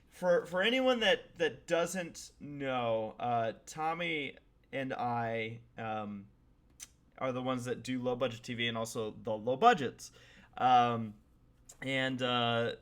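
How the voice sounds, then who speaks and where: A man's voice: mid-range voice, a bit bright. Podcast host, male, thirties, loose and chatty, full of ums and restarts. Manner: rambling, chatty, lots of fillers and restarts. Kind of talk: casual podcast chat.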